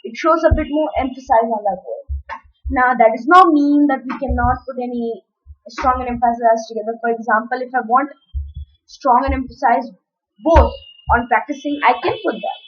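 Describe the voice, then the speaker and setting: A woman works through a screen-recorded coding tutorial, explaining code step by step as she types and pausing to correct herself. Her voice is a little high and her pace moderate, with dull audio.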